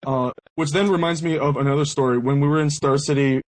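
A man's voice: fairly high pitch, steady tone, fast, rough recording. A young man hosting a podcast who tells a casual anecdote in a rambling way, with lots of fillers and restarts. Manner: rambling, heavy use of "like" and restarts. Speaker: podcast host.

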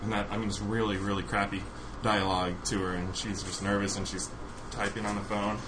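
A man's voice: fairly low pitch, flat delivery, brisk. A man casually telling a funny story on a podcast, laughing often as he goes. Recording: noisy recording.

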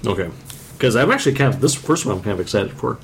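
A man's voice: on the low side, lively intonation, fast, creaky, fairly bright tone, slight background noise. A man co-hosting a movie podcast, reading film synopses and commenting with frequent laughs. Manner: laughs often, reads synopses then comments. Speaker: podcast co-host. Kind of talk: casual chat, reading movie blurbs.

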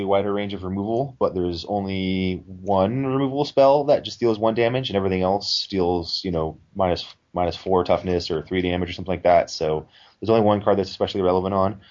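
Podcast co-host, man, low voice, chatty and rambling, muffled lo-fi sound. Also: brisk. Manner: rambling, hedging with likes and I means. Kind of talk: casual chat. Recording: dull lo-fi sound.

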